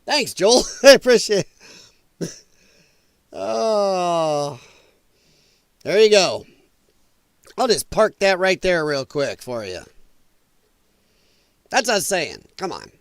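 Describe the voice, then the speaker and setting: A man's voice: high voice, sing-song, takes it slowly, long pauses, clean tone, no room sound. A man hosting a casual livestream, reacting to viewer comments, swearing freely and laughing often. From US Midwest. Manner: loud, profane, laughing often. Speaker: livestream host. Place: home, dog nearby.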